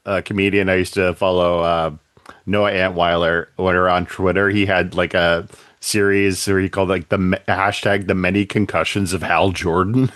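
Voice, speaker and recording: A man's voice: lowish voice, fairly bright tone, no room sound. A man co-hosting a podcast, recapping an episode in chatty, filler-heavy casual talk. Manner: chatty, filler-heavy, acts out quotes in silly voices. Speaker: podcast co-host.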